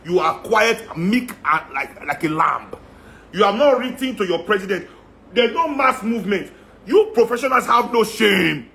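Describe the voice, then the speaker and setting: Brief: Nigerian man, higher voice, mocking and animated, faint background hiss. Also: normal speed, creaky. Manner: animated, mixes Pidgin and Yoruba, mocking. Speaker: musician and guest. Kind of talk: casual opinionated chat.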